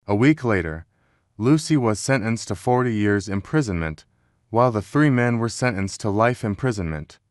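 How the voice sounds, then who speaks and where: Man, story narrator, measured reading, lowish voice, dry sound. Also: expressive, no echo.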